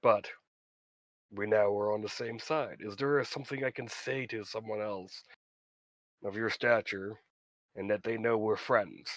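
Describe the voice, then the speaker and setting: Low-voiced man playing a tabletop game. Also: steady tone, a little slow, pauses often, no echo. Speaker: player. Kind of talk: casual tabletop game chat.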